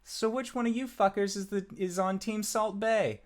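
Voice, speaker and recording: A man doing a calm, crude old halfling grandmother. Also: high voice, normal speed, voice pushed up, natural voice. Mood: sweetly crude. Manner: gentle voice with a foul mouth.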